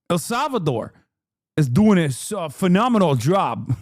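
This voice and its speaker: A man's voice: a little high, sing-song, slow pace, no echo, clean studio sound. A man streaming live, reacting with crude, sarcastic commentary and frequent laughter.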